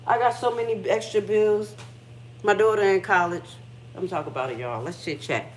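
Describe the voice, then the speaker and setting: A woman's voice: medium pitch, normal speed, a little hiss or hum. A middle-aged woman, hosting a casual livestream chat from her kitchen and talking candidly with frequent swearing. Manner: candid, profane, emotional storytelling. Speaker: livestream host.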